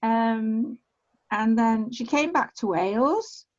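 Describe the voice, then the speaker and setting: A woman's voice: a little high, lively intonation, slow pace. A woman chatting casually over a video call in an online class, often repeating herself. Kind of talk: casual chat. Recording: dull lo-fi video call audio.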